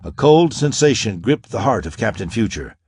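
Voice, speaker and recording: A man narrating a pulp science-fiction audiobook in a dramatic, expressive way. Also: fairly low pitch, moderate pace, gravelly, slightly rough, dry recording, clean studio sound.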